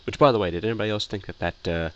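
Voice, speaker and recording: A man with a low, deep voice talks through his opinions in a loose, rambling way. He circles back to the same phrases and fills the gaps with ums and uhs as he reviews. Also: racing, lo-fi sound, a little hiss or hum. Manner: rambling, repeats himself, many fillers and restarts. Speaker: video reviewer.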